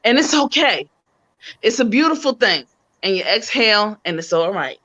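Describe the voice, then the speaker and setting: Woman host, New York accent, bright, lively repeater, lo-fi stream sound. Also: mid-range voice, normal speed. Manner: animated, repeats words for emphasis. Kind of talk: casual live-stream chat.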